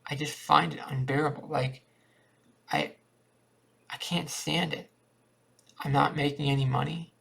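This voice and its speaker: Gravelly, downbeat man rambling. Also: a little high, fairly even intonation, a little slow, pauses often, a bit bright. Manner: downbeat, repetitive, thinking aloud. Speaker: vlogger. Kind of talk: rambling confessional monologue. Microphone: cheap webcam.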